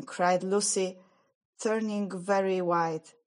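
A woman reading a children's story aloud in calm, measured narration. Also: on the low side.

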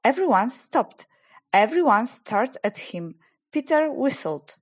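A woman reading a children's novel aloud as narrator, gentle and expressive. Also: fairly high pitch, slow.

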